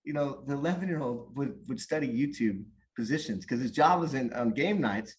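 A man talking in a casual podcast chat, telling a long story about volunteer youth coaching in an animated, rambling way with frequent restarts. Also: medium pitch, a little fast. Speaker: guest or co-host, youth soccer coach.

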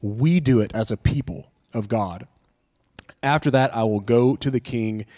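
A man's voice: medium pitch, measured pace, mellow. Earnest, conversational male preacher. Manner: earnest, conversational preaching with restarts and rhetorical questions. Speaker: pastor. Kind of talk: sermon.

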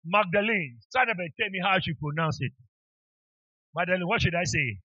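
A man's voice: high-pitched, expressive, brisk, sharp tone, breathy edge, no echo. A man preaching as bishop at a church retreat, playfully teasing his congregation and calling on people by name. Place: church meeting hall. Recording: dull lo-fi church recording.

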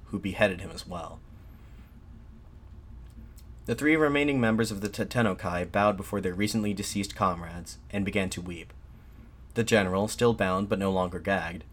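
Man narrating history in a steady voice. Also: lowish voice. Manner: steady, measured reading with occasional restarts.

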